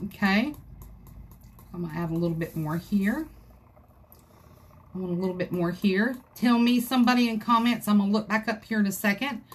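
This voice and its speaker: A woman's voice: medium pitch, brisk, long pauses, slightly rough. A woman hosting a live craft tutorial from her home craft room, chatting folksily with viewers as she works. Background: dogs scratching in another room.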